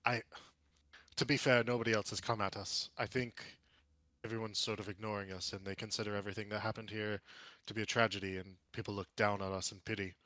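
A man voicing a cowardly, blustering middle-aged noble who shouts in panic and then sinks into defeat. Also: on the low side, level tone, quick pace, no echo.

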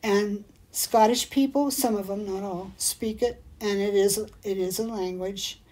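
A woman's voice: mid-range voice, steady tone, measured pace, a little mellow. A woman hosting a casual livestream, chatting in a rambling, digressive way and reading out viewer comments. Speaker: jewelry shop livestream host.

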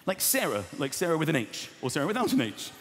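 A man in his thirties doing a stand-up comedy routine, acting out voices with big shouts and gasps. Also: on the high side, huge pitch swings, quick pace. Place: large theatre stage before a live audience. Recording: echoey theatre with long reverb and crowd noise.

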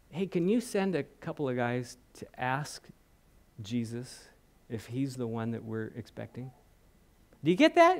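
A man preaching a sermon in church, telling a Bible story with animated acted-out quotes and questions to the congregation. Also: a little high. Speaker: guest preacher. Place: church hall.

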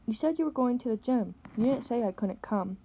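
A woman reading aloud, voicing a worried young girl who speaks in a hurried, anxious way. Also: on the high side, lively intonation, creaky, dull audio, a little hiss or hum.

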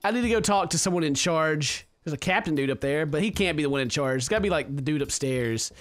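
Man, let's play host, lively swooping pitch, joking, exclamatory. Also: fast talker. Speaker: gaming channel host. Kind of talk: casual let's play commentary.

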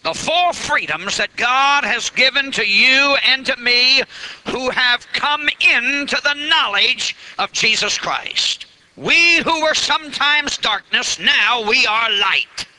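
A man's voice: very high voice, animated, slow pace, bright, forceful tone, clean tone, poor audio. A man preaching a live revival sermon at a church meeting, fiery and emphatic, stretching key words out.

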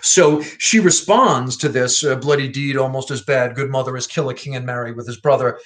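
Man, casual explainer, halting, wry, filler-heavy. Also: mid-range voice, fairly bright tone. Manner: halting, full of "uh" and restarts, wry. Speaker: literature explainer.

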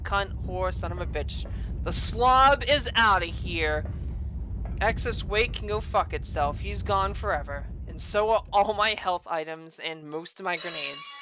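A woman's voice: medium pitch, animated, moderate pace. Raging woman streamer cursing at a game. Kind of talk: live gameplay commentary. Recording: stream with game music behind.

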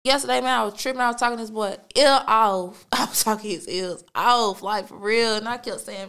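Slightly high and fairly bright, this woman's clear, resonant voice moves briskly with hardly any pauses. She's a podcast host telling a story in a casual monologue, swearing freely, talking slang and filling gaps with "like" and "you feel me."

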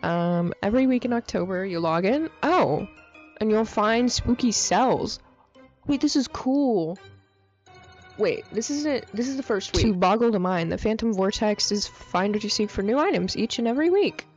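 A young woman making gaming videos comments casually on a game update at medium pitch and normal speed, excitable and chatty with heavy slang and fillers. Her handheld mic peaks and overdrives, and the dull lo-fi recording has faint music in the background.

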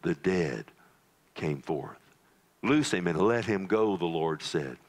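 Calling his audience "loved one," a male pastor gives a slow, dramatic sermon with lively intonation, lowering his voice to a hush when he wants to emphasize something.

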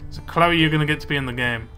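A man's voice: fairly high pitch, a little fast, pushed and bright, faint music behind. A young man casually commenting on his gameplay, muttering to himself as he plays. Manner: chatty, muttering to himself while playing. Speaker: let's play gamer.

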